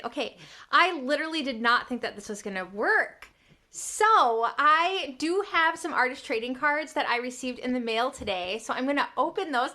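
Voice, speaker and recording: A woman artist hosting a casual live stream from her couch at home, bubbly and excitable, gasping and giggling often, recorded by a camera on a tripod. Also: high-pitched, normal speed.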